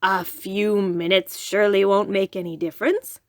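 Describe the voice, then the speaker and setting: A woman's voice: mid-range voice, steady tone, moderate pace, no echo, studio quality, close to an everyday voice. A woman doing a sly, sweet-talking wicked wolf. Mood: coaxing.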